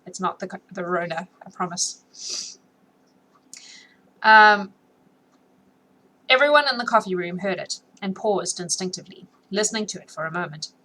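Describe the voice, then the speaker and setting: A woman's voice: on the low side, pushed and bright, slight background noise, low-quality recording. A woman with a sore throat reading a classic novel aloud for her followers in a chatty way, stopping to fix her slips. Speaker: reader. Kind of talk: casual read-aloud for followers.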